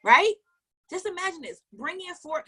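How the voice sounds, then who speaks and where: A network marketing coach with a high, bright voice gives a motivational talk at normal speed with lively intonation. She speaks emphatically, fires off question after question, repeats her points, and occasionally drops into low asides.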